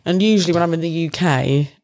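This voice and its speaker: A woman's voice: sits low, fast, darkish tone. A young British woman from the UK, chatting casually as an interview guest, rambling with fillers and frequent laughter. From United Kingdom. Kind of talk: casual chat.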